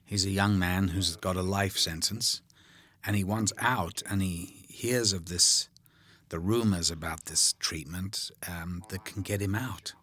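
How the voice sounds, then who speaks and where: An older male actor recording a film commentary, telling anecdotes in an animated way and voicing the people he quotes. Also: deep voice, a little slow. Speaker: actor discussing his film. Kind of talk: commentary track chat.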